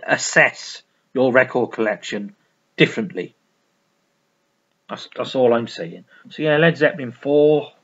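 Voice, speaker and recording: A man's voice: mid-range voice, fairly bright tone, husky, dull audio. A man reviewing records in a casual, rambling, sweary way, full of restarts. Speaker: music vlogger.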